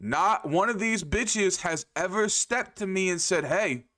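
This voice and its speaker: A man's voice: high voice, a little slow, pushed and bright. A young adult man livestreaming, ranting casually to his chat in a profane, emphatic way, repeating phrases for effect. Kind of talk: casual rant to stream chat.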